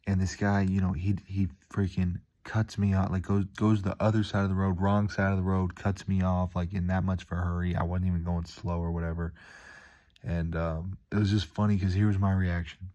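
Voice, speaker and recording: A young man rambles in a relaxed, easygoing way, tossing in dude and man as he goes. His voice sits very low. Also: a little fast. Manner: laid-back, calls the listener dude and man, mimics angry voices in stories. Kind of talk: rambling casual monologue.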